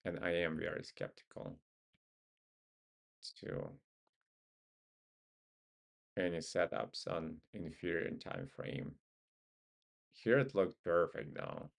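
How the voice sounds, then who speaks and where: Man with a Russian accent, deep gravelly voice, unhurried, offhand trading commentary. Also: sing-song. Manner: laid-back, muttering to himself, joking. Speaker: stock market streamer.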